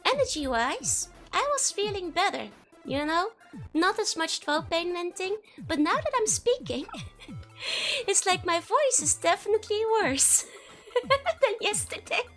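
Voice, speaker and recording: Bubbly hoarse woman with a Dutch accent. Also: very high voice, a bit bright. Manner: bubbly, laughs often, greets chat by name. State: hoarse from being sick. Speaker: streamer. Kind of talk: casual live-stream chat.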